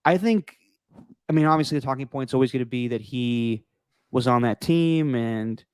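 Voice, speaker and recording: A man hosting a sports podcast in casual chat, rambling and opinionated, his voice going hoarse. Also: medium pitch, normal speed, darkish tone, no echo. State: losing his voice. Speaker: podcast host.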